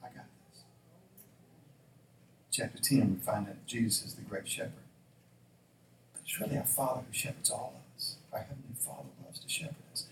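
A man's voice: medium pitch, a little fast, gravelly, noisy background. Man, preacher, sermon, acts out dialogue, echoey room, heard from a distance. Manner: animated, acts out dialogue in changing voices. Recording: roomy echo, voice from off-mic.

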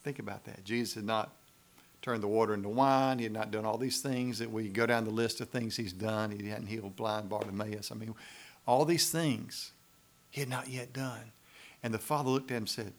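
A man's voice: lowish voice, fairly even intonation, moderate pace. A man preaching a sermon, speaking in a folksy, conversational way and often asking the congregation "right?". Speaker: pastor.

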